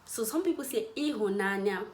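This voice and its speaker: A young woman teaches vocabulary in a relaxed, joking manner, often breaking into laughter and saying words over slowly. Her voice sits at an ordinary middle pitch. The room gives it a noticeable echo with a faint hiss underneath. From Nigeria, Igbo. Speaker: language teacher. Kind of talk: casual language lesson.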